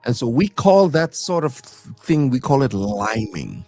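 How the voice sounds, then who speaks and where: A man's voice: medium pitch, very animated, measured pace, darkish tone, faint music behind. A man from Trinidad co-hosting a casual live-stream chat, easygoing, laughing often and repeating words as he thinks. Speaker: co-host, singer.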